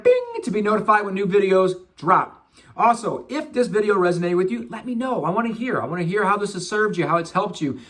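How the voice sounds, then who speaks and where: A man's voice: high-pitched, fairly bright tone. A man giving an earnest, preachy motivational self-help talk, swearing casually. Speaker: motivational vlogger.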